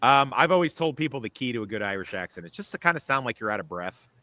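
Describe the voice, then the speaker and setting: A male host chatting casually on a stream, his voice bright and forceful. He jokes around, hesitates often, and moves his pitch up and down a lot. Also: sing-song, quick pace, no echo. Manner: joking, hesitant with many ums.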